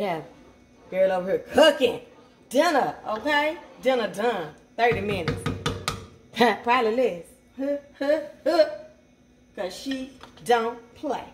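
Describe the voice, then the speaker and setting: A woman, hosting a casual cooking tutorial at home and chatting playfully as she cooks. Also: fairly high pitch. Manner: chatty, playful, sassy asides, talks to the food. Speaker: cooking channel host. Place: home kitchen at the stove. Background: food sizzling in a skillet.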